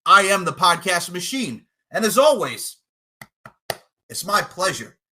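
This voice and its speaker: A man's voice: high-pitched, sing-song, a little slow, pushed and bright, a little hiss or hum. A man with a brash, boastful manner, cutting a profane, taunting wrestling trash-talk promo as a podcast personality.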